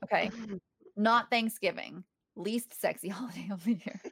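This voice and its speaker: Creaky-voiced woman co-hosting a podcast. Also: medium pitch, moderate pace, no room sound. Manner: animated, quoting lines with laughter. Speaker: podcast co-host. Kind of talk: casual chat reviewing a sitcom episode.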